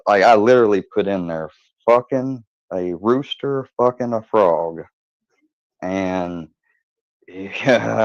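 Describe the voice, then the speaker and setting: A man's voice: sits low, a little mellow, no echo. A man hosting his own channel, telling rambling, profane stories in a casual monologue and laughing often. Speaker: channel host. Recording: dull lo-fi dry recording.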